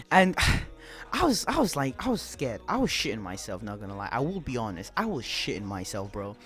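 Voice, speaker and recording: A young man telling a rambling, animated story to camera, swearing often. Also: medium pitch, moderate pace, faint music behind. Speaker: vlogger.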